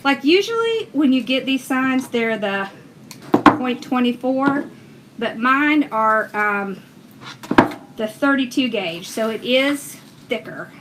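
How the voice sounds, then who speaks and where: Her high voice has lively intonation and a slow pace, and the recording is very noisy. She's a woman hosting a relaxed livestream craft tutorial on wreath making, chatting and reading viewers' comments out loud as she works.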